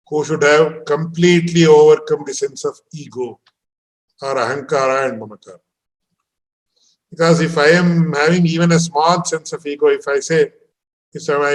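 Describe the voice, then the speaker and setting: A man's voice: a little high, rough recording. A man, teaching a religious discourse and explaining verses in a patient, explanatory way. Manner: explanatory, quotes Sanskrit and Tamil verses, chuckles. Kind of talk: scriptural discourse.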